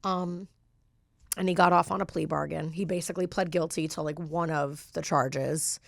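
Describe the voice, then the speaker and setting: A woman's voice: low-pitched, fairly even intonation, moderate pace, gravelly, dry recording, clean studio sound. A woman guest, a stand-up comedian, chatting casually and telling a personal story with lots of fillers and laughs.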